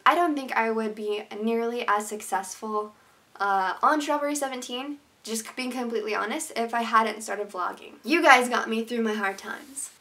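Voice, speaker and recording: A woman's voice: fairly high pitch, bright, forceful tone. A young woman vlogging to her viewers, emotional and sincere, talking openly with lots of "like" and restarts. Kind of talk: heartfelt casual vlog to viewers.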